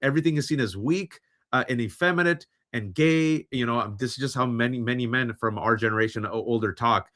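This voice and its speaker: A man in his forties hosts a livestream about men and mental health, speaking fairly quickly in a medium-pitched voice. His commentary is animated, and he often mimics other people's voices.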